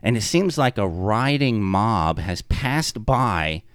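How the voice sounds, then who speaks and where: A man's voice: lowish voice, slow, smooth, no room sound, clean studio sound. A man co-hosting a podcast, animatedly recounting a tabletop game session he ran as game master. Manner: animated storyteller.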